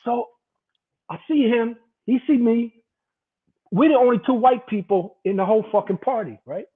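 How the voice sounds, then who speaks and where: A man's voice: very high-pitched, normal speed, breathy edge. A man casually telling a profane, rambling story with a lot of laughing. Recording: tinny phone-like line.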